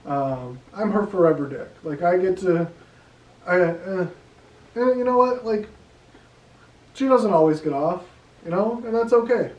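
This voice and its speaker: A man's voice: high-pitched, measured pace, pauses often, darkish tone, distant mic, muffled recording. Rambling young man in an echoey room. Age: young adult. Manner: rambling, filler-heavy delivery with many ums and likes. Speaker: stand-up comedian. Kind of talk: casual stand-up set. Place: room at home.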